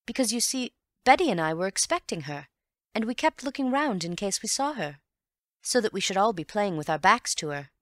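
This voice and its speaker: A woman reading an audiobook and voicing an eager, excitable young Englishman who is easily puzzled, with quick, breathless exclamations. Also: medium pitch, no room sound, studio quality, pitched above the performer's own voice, close to an everyday voice. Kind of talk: audiobook character voice.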